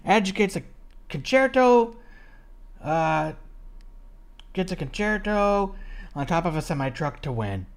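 High-ish voiced podcast dude, swears a lot, super animated, goofs around mocking people. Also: male voice, slow pace, pauses often. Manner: profane, animated, mocks with put-on voices. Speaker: podcast co-host. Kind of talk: casual wrestling podcast chat.

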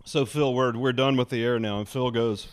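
A man, a former radio DJ, telling a story in casual chat, animated and laughing often, imitating voices. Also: medium pitch, normal speed, smooth.

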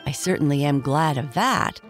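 A woman voicing a kindly, excitable male toy rocking horse in a storybook reading. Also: low voice, moderate pace, faint music behind, close to an everyday voice. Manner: warm, excitable, exclaiming.

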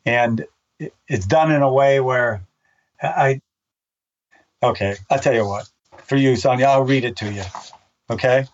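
An older man, a race announcer, chatting in an interview and acting out his own shouts as he tells stories. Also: mid-range voice, unhurried, pauses often, far from the mic, lo-fi sound. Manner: animated storyteller, acts out his own shouts. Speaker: race announcer and book author. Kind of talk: casual interview chat.

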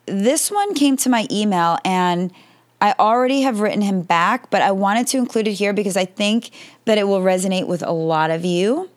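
A woman's voice: medium pitch, lively intonation, moderate pace. A woman in her forties hosting an advice podcast, answering listener questions in a direct, reassuring way.

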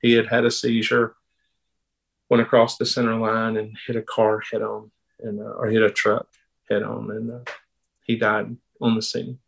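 A man in his fifties, a pastor and police officer, tells a personal story in a halting, unhurried way with frequent pauses and restarts. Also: lowish voice, monotone, gravelly, a bit bright, low-quality recording. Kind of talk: personal storytelling in a podcast interview.

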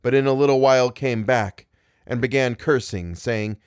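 A man reading a classic tale aloud as podcast narrator, in a measured storytelling manner. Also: mid-range voice, a little mellow, clear, resonant tone, dry recording, clean studio sound.

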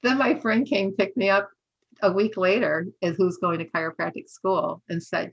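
A woman's voice: medium pitch, steady tone, moderate pace, vocal fry, husky, lo-fi sound. A woman in her sixties telling stories in a casual, chatty way, laughing often and acting out what people said. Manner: chatty, peppered with "you know" and laughter, acts out dialogue. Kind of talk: casual storytelling.

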